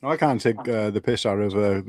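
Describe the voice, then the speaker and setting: A man's voice: fairly low pitch, brisk, a little mellow. A man with a mid-range voice who hosts a casual podcast, teasing and swearing freely. The sound is dry and close, with almost no room echo. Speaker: podcast host. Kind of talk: casual banter.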